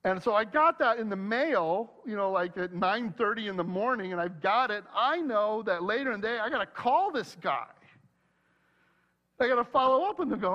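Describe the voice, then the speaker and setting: A man preaching a sermon, telling a personal story in an animated way and acting out his own worried thoughts aloud. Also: sits high, moderate pace, highs cut off. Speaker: pastor.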